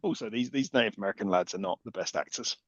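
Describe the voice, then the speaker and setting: A man's voice: on the low side, quick pace, no room sound, dull audio. A man co-hosting a podcast, making mocking, jokey quips in casual banter. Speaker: podcast co-host.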